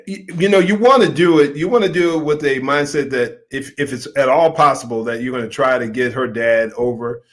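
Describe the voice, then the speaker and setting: A man's voice: medium pitch, fairly quick, few pauses. A man talks through a video as its host, in a casual commentary style. He is earnest and grows emphatic when a point gets him worked up.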